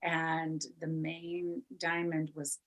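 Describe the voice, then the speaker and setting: A middle-aged woman hosting a podcast, telling a personal story in an animated way, repeating words for emphasis and laughing now and then. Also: deep voice, very slow, rough recording. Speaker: podcast host.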